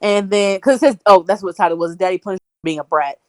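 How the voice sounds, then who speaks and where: A woman with a mid-range voice talks fast while co-hosting a casual podcast over a video call. She rambles, uses lots of fillers and laughs often, and the recording has no echo.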